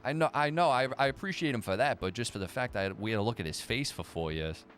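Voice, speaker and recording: A man's voice: medium pitch, expressive, fast talker, a bit bright. A man hosting a casual livestream, reading viewer chat and answering with profane, sarcastic banter.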